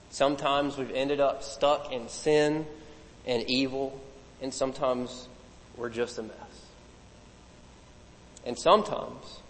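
A man preaching a sermon in a casual, joking way, with asides and laughs between points. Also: mid-range voice. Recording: long hall reverb.

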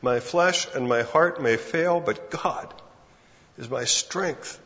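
A man's voice: on the high side, slow, fairly bright tone. A man preaching as pastor, often asking the congregation rhetorical questions, acting out what imagined people think and stumbling into word repeats. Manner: acts out imagined speakers' thoughts; frequent word repeats and restarts. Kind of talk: sermon. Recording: long hall reverb, dull lo-fi sound.

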